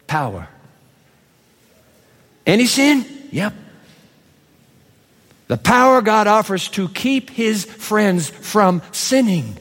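A male pastor preaching a sermon in a church, swinging between loud proclamation and hushed, quick asides. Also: medium pitch, animated, breathy edge. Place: church sanctuary. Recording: long hall reverb.

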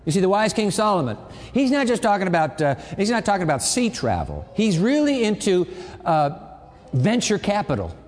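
A man preaching a sermon on a campus, talking to students in a conversational way that swings from loud to quiet. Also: sits high, very animated, moderate pace, soft background music. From raised partly in Japan. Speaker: campus pastor. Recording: long hall reverb.

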